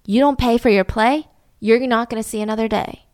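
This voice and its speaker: A woman doing a low, hushed threatening caller. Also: a little fast, no echo, clean studio sound, natural voice. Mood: menacing. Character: menacing male caller making threats.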